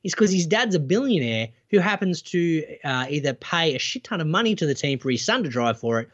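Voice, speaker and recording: A man co-hosting a podcast in joking casual chat, his voice a little high and very lively in pitch. He often restarts his sentences. The sound is dull and lo-fi. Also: brisk. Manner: animated, joking, restarts a lot. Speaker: podcast co-host.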